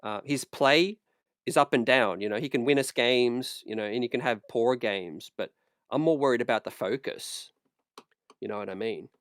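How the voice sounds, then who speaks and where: A man's voice: medium pitch, normal speed, fairly bright tone, clean tone, dry recording, studio quality. A man hosting a basketball fan channel, talking in a casual, worked-up way and leaning on fillers like "you know" and "man". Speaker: sports channel host.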